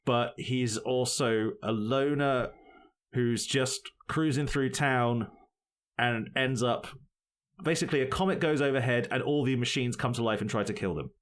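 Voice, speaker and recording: A man's voice: medium pitch, a little slow, clean tone. A man co-hosting a casual podcast, chatting loosely, laughing often and slipping into goofy put-on accents. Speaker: podcast co-host. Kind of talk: casual chat.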